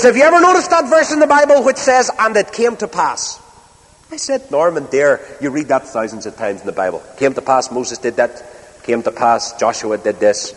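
A man with a Northern Irish accent preaching a sermon, telling a story with slow, stressed phrases and dramatic pauses. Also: medium pitch. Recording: reverberant hall.

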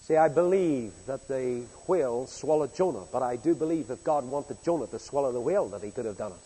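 A man preaching a sermon in a folksy storytelling way, acting out the speakers in the story with big swings in loudness. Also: mid-range voice, lively intonation, brisk, breathy edge, in a large hall, poor audio.

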